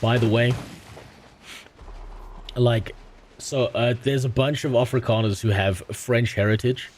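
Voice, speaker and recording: A young adult man streaming a game, chatting casually in a rambling way with crude deadpan jokes. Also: mid-range voice, unhurried, slight background noise. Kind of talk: casual chat while gaming.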